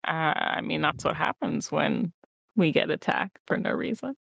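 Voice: medium pitch, normal speed, gravelly, a bit bright, no room sound, clean studio sound. A player in a tabletop role-playing game who jokes and teases.

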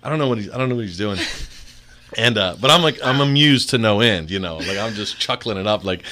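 A man telling a casual story, animated and often breaking into laughter. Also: medium pitch, fairly quick.

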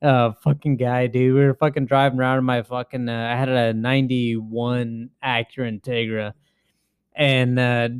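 A young man hosting a podcast tells a rambling, profane story in casual chat, laughing frequently. His medium-pitched voice is clear and resonant, fairly flat in pitch, at a moderate pace. The studio sound is clean with no echo.

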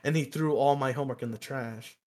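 A man's voice: mid-range voice, brisk. A young man co-hosting a podcast, telling a long story in casual chat, swearing and laughing as he goes. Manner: animated, profane, laughs through the story. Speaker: podcast co-host.

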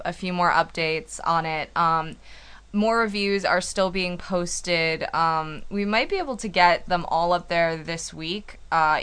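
Smooth-voiced young woman podcast co-host. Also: on the low side, a bit bright. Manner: chatty, giggly, runs through announcements. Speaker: podcast co-host and site admin. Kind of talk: casual podcast chat.

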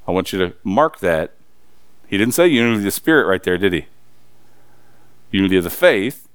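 Man, pastor, preaching a sermon, impassioned, rising and falling pitch, dry close sound. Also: animated, a little fast, long pauses, clean tone, no room sound. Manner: impassioned preaching, swings from loud emphasis to low confiding asides.

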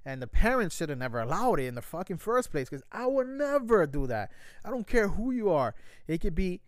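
A man's voice: high voice, very animated, a little fast, no room sound, clean studio sound. A man in his thirties ranting in casual talk, blunt, heated and full of swearing. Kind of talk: casual opinion rant.

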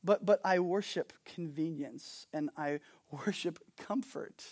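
Animated high-voiced male pastor. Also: slow. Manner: animated storytelling, drops to hushed earnest tones. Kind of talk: sermon. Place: Hawaii.

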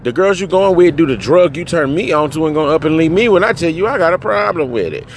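A man's voice: a little high, lively intonation, fast, slight background noise. Crying, furious man ranting outdoors. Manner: angry, hurt, profane, swings between yelling and muttering. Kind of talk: emotional rant to camera.

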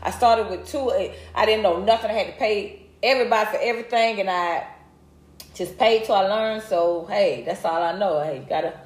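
A middle-aged woman hosting a livestream, chatting casually and greeting viewers by name with a lively, laughing manner. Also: medium pitch, a little fast. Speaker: livestream host. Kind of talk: casual live chat reading comments. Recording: roomy echo.

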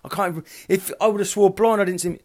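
A man's voice: high voice, steady tone, very fast, a little mellow. A man hosting a solo podcast, telling rambling, profane anecdotes in a casual chat style. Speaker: podcast host.

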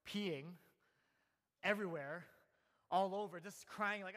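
Male pastor, 30s, slightly high voice, easygoing sermon delivery full of "uh"s and restarts, long church-hall reverb. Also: normal speed. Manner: relaxed storytelling with frequent fillers and restarts. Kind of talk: conversational sermon.

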